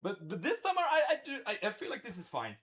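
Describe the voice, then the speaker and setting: A man's voice: high-pitched, huge pitch swings, quick pace, bright, forceful tone. A man cooking live in his kitchen, thinking aloud and chatting with his viewers. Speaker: cooking livestreamer. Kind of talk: casual live commentary while cooking. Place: home kitchen.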